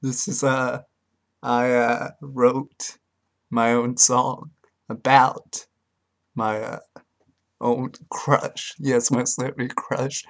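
A man with a halting, hesitant way of talking who earnestly sings his own comic love song unaccompanied, recorded on a webcam. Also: mid-range voice, level tone, gravelly. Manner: hesitant, halting speech with fillers. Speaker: amateur songwriter.

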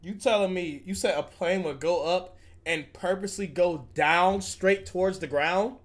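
Slangy high-voiced young streamer guy. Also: moderate pace. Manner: slangy and profane, says bro a lot. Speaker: streamer reacting to a video. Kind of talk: casual reaction commentary.

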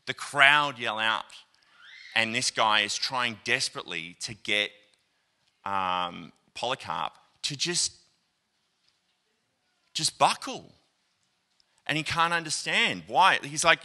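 An Australian man preaching in a church, pitch jumping around as he tells a story. His tone is bright and forceful, and he breaks into quoted voices, filling the gaps with ums and uhs. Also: slow pace, pauses often. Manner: animated, acts out quoted voices, many fillers. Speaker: pastor. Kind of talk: storytelling sermon. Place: church auditorium.

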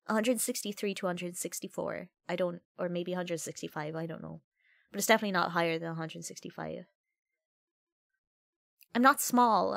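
Sniffly, loud woman game streamer. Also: fairly low pitch, creaky, no room sound, clean studio sound. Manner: loud, swearing, laughing, mock-threatening. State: sniffly with a cold. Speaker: streamer playing a video game. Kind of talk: live game stream chat.

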